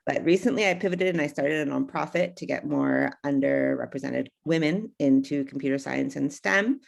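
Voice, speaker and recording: A woman introducing herself as a panelist over a video call, listing her career in a steady way. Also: very deep voice, normal speed, vocal fry.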